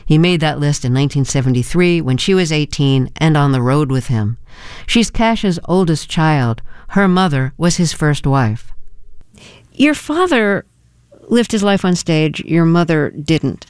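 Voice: medium pitch, expressive, a little slow, smooth, dry recording, studio quality. Curious radio interview host, clean voice. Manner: curious and engaged, with stops and restarts in questions. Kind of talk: radio interview and scripted introductions.

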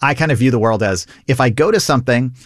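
A man, a comedian, talking through an interview in an animated way, laughing and acting out quoted lines. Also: medium pitch, fast, dry recording, studio quality. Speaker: comedian guest. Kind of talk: conversational interview.

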